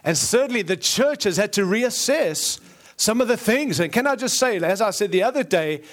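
A man's voice: high-pitched, animated, moderate pace, fairly bright tone. A middle-aged man with a mixed Australian and American accent preaching a sermon as a guest speaker, earnest with joking asides and repeated phrases. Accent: Australian-American mix.

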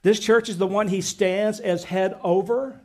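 A man preaching a sermon, earnest and growing excited and emphatic as he teaches. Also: high-pitched, measured pace. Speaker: pastor.

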